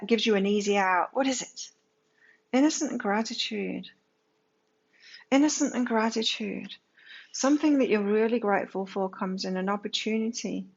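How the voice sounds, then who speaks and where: A woman's voice: fairly high pitch, vocal fry, lo-fi sound. Candid woman giving a tarot reading. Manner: candid and animated, swears casually. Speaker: tarot reader.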